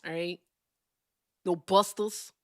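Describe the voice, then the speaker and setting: A woman's voice: fairly low pitch, fairly even intonation, slow pace, a bit bright, dry recording, studio quality. Woman doing a compton accent bit, hyped partygoer, upbeat.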